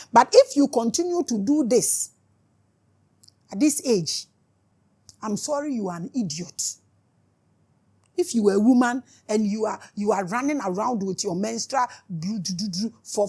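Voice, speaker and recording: A woman with a Ghanaian accent delivers an impassioned spiritual talk, fiery and scolding, moving between Twi and English. Her voice is a little high, with a fairly bright tone and a breathy edge. She speaks as a spiritual teacher.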